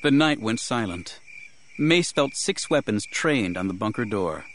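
A man giving expressive third-person audiobook narration. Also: fairly low pitch, a little slow.

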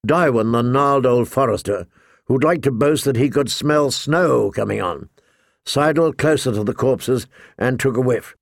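A man narrating an audiobook in a slow, measured reading. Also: mid-range voice, creaky, no echo, studio quality.

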